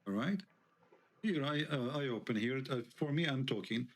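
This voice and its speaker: A man's voice: mid-range voice, lively intonation, moderate pace. Indignant man. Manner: heated, indignant, rhetorical questions. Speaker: online show host. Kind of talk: live online debate talk.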